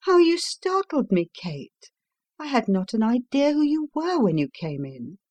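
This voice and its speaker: Woman doing a gentle, soothing young wife. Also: high-pitched, sing-song, unhurried, no echo, pitched above the performer's own voice. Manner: gentle, soothing, lightly raised. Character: kindly, composed young doctor's wife. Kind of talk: audiobook character voice.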